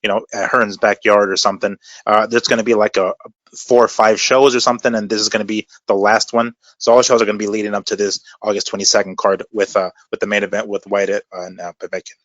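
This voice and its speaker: A man's voice: lowish voice, level tone, fast talker, fairly bright tone, no room sound, lo-fi sound. A man co-hosting a casual boxing podcast, rambling and profane with many fillers. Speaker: podcast co-host.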